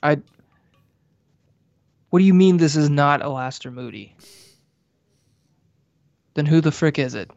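A man co-hosting a podcast, reacting to the story in casual chat with slow, astonished exclamations. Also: fairly high pitch, creaky, darkish tone, no room sound. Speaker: podcast co-host listening to reading. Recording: dull lo-fi mic.

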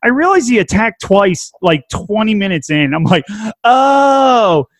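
A man with a Welsh accent in casual podcast chat, animated, laughing often and swearing casually. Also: high voice, measured pace.

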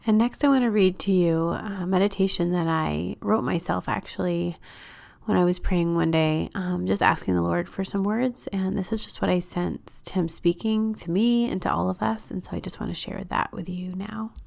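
A woman hosting a podcast, leading a guided Christian prayer meditation in a gentle, unhurried way that sometimes drops to a breathy whisper. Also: fairly low pitch, fairly even intonation.

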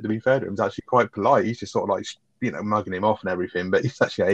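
A man talks quickly through a casual film review, swearing freely and laughing along as he retells scenes. His voice sits a little low and sounds dry and close, with almost no room around it. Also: husky, no room sound. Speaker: podcast co-host.

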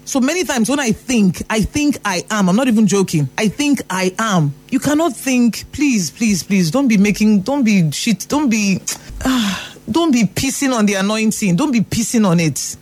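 A man's voice: high-pitched, expressive, moderate pace, darkish tone. A Nigerian man giving an emphatic motivational talk, repeating phrases for emphasis. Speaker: motivational speaker.

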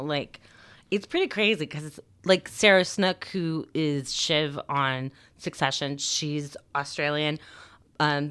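Brief: female co-host, very low and smooth voice, wry explainer. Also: fairly bright tone. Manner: chatty, wry, explains topics. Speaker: podcast co-host. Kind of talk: casual chat.

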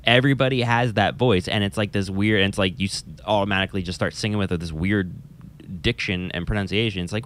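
A man's voice: lowish voice, fast talker, a bit bright. A man, a music teacher, talking casually and animatedly on a podcast, swearing and mimicking voices. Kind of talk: casual chat.

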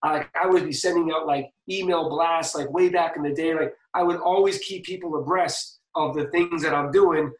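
High-voiced man telling stories fast. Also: fairly even intonation, echoey room, recorded from a distance, poor audio. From Boston. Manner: fast, slangy, filler-heavy talk. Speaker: DJ and guest. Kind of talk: casual storytelling interview.

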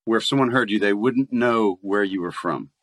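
Chatty low-voiced American man. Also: normal speed, a bit bright, dry recording. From United States. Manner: laughs often, chatty with many restarts. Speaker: voice actor guest. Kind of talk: casual interview chat.

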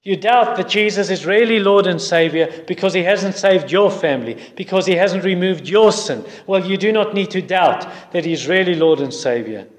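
Male preacher, slightly raised pitch, earnest sermon delivery, big echoing hall. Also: moderate pace, few pauses. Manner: earnest, questioning the listeners directly.

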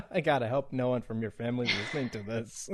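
A man hosting a casual podcast chat, laughing often and trailing off softly. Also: mid-range voice, quick pace, dry recording.

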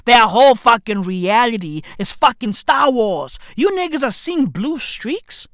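A woman's voice: fairly high pitch, sing-song, unhurried, hardly any pauses, fairly bright tone, dry recording, studio quality. A woman delivering a rambling, profane comedic rant as a podcast host. She uses a lot of slang and keeps tossing in "right?" as she goes. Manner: slangy, calls listeners "bruv".

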